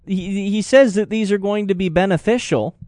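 A man's voice: high-pitched, moderate pace, a little mellow, dry recording. A man hosting a talk radio show, giving impassioned political commentary that rises to indignant outbursts. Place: radio studio.

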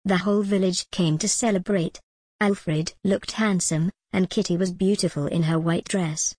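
A woman narrating a simple storybook in a plain, measured way. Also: on the low side, fairly even intonation, darkish tone, dry recording, clean studio sound.

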